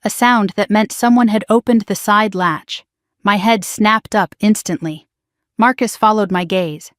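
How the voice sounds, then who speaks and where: A woman narrating a dramatic first-person family story in a hushed, emotional way on a close mic. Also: mid-range voice, measured pace, no echo.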